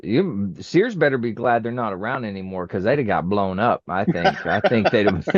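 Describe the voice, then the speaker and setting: Male host, lively pitch, laughs and chimes in, dull dry audio. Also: normal speed, no echo. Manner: reactive, laughs often, interjects. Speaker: podcast host. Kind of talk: casual chat.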